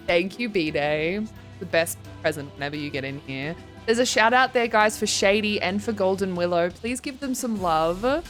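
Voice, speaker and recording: A woman's voice: mid-range voice, fairly bright tone. Giggly woman streamer chatting. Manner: chatty, giggly, reads chat aloud. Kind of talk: casual livestream chat. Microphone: desk microphone.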